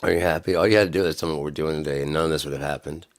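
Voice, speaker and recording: This man's pitch is extremely low and his tone steady, yet he talks very fast. Live-streaming about music practice, he rambles with sarcasm and occasionally slips into fake-angry yelling.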